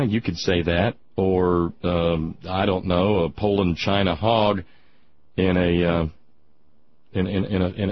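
Husky, rambling male talk radio host. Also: low voice. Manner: rambling, sardonic, with many restarts. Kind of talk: political talk radio commentary. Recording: dull lo-fi broadcast sound.

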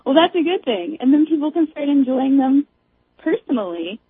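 A woman's voice: high voice, very animated, moderate pace, no room sound. A woman calling in to a radio show, telling a story with frequent laughs. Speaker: caller. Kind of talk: casual chat. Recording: tinny dry phone line.

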